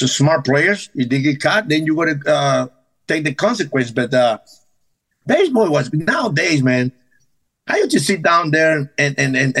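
Husky guy, pretty high voice, lively baseball stories in choppy english. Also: poor audio. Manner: animated, broken English with restarts. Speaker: podcast guest, former baseball manager. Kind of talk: casual storytelling.

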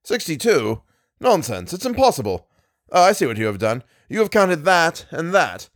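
A man voicing a secretive older professor who speaks in a brisk, airy and offhand way. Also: fairly high pitch, sing-song, no echo, studio quality, pitched above the performer's own voice. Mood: dismissive.

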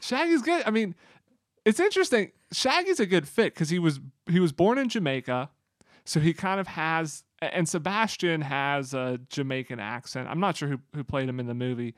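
A man with a fairly high voice chats casually as a podcast co-host, rambling and getting excited as he goes. His voice sounds close and dry, with no room around it. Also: normal speed, no room sound. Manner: enthusiastic, rambling, excitable bursts. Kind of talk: casual chat about a musical.

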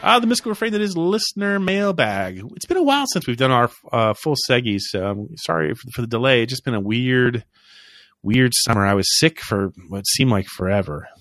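A man's voice: medium pitch, animated, brisk, fairly bright tone, no echo, clean studio sound, soft background music. Self-deprecating male podcast co-host. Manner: self-deprecating, rambling, jokey. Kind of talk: casual podcast chat.

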